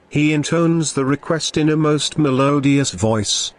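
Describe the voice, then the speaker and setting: A man narrating a comic fantasy story in a dry, measured way. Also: on the high side.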